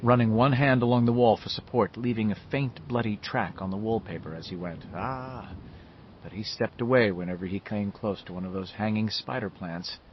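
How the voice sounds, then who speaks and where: A man reading a novel aloud as scripted narration, telling the story in a measured, lively way. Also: on the low side, muffled recording, slight background noise. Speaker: audiobook narrator.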